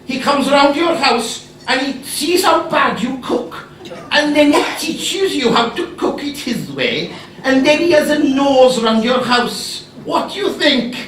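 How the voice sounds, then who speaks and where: A man voicing an eager, upbeat male TV producer pitching a show idea over the phone. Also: big pitch swings, a little slow, a bit bright, full character voice. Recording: echoey hall, mic at a distance.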